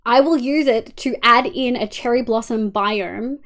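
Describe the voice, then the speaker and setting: A woman's voice: on the high side, unhurried, fairly bright tone. Australian woman streaming a game, chatty. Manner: rambling, lots of ums, mutters while building. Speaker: livestreamer. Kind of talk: casual gameplay streaming, chatting with viewers.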